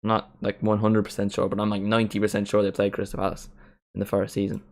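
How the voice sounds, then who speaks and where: A man's voice: lowish voice, completely flat delivery, fast talker, a little mellow. Rambling young man commentating football. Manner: rambling, many "like" fillers, sings along at times. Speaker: football watchalong streamer. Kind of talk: casual live commentary and chat.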